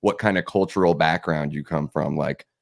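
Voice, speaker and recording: A man with a West Coast American accent chats on a podcast in a loose, rambling way, laughing easily. His voice sits very low. The sound is dry and close, with no room around it. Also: fairly even intonation, normal speed, gravelly, dry recording. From Alaska. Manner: easygoing, rambling, laughs often. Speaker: podcast co-host. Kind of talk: casual chat.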